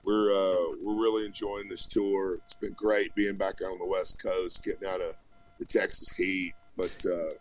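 A man with a fairly low voice tells a long, winding story as an interview guest. He restarts sentences and leans on "you know" as he goes. The remote-call line carries faint music behind him. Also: little pitch movement, normal speed, rough recording. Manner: rambling, chatty, many restarts and "you know". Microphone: remote call connection.

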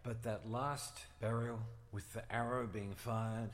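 An actor playing a blunt, money-minded business partner with a Brooklyn accent in an improvised comedy drama. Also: male voice, lowish voice, fairly even intonation, unhurried, long reverb tail, natural voice. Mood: irritated. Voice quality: blunt, exasperated, bossy.

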